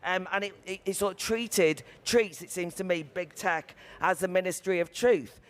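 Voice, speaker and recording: A woman's voice: on the low side, moderate pace. A woman makes an impassioned case at a conference panel. She speaks with emphasis and conviction, leaning hard on key words. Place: conference venue.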